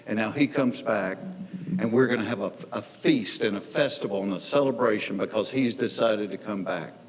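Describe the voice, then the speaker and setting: A man's voice: on the low side, normal speed, lightly acted. Man doing an indignant complaining older brother, resentful, big echoey room.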